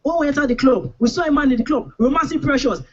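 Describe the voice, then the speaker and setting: Recorded live on a poetry stage, a man with a Nigerian accent performs comic spoken word in a rhythmic, rhyming style, breaking into mock-dramatic outbursts. His voice is very high and darkish in tone, and he talks fast. The audio sounds dull.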